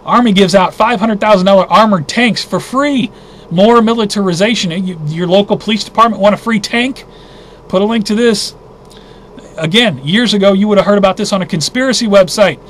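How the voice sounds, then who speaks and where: Male host, high voice, agitated news roundup, faint hiss behind. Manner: agitated, indignant, thinking aloud with restarts. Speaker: host of a weekly news briefing. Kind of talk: casual news roundup commentary.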